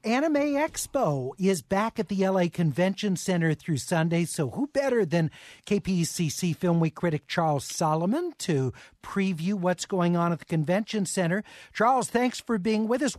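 A man hosting a radio film talk show, reading promos and inviting calls in a brisk, practiced way. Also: sits high, animated, a little mellow, no room sound, studio quality. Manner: brisk, reads promos and call-in details. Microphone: studio microphone.

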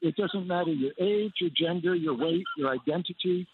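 A man's voice: sits high, normal speed, background noise. A man phoning in an enthusiastic report from a busy convention center floor. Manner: enthusiastic, descriptive. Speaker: film critic reporting on location. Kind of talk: live field report. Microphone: phone line. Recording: tinny phone line with crowd ambience.

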